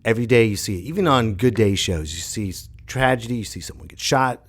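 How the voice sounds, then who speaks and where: A man in his thirties hosting his own podcast, talking loudly and casually in a rambling, jokey way with sudden shouted bits. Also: on the low side, a little fast. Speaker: podcast host. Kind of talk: casual solo podcast monologue.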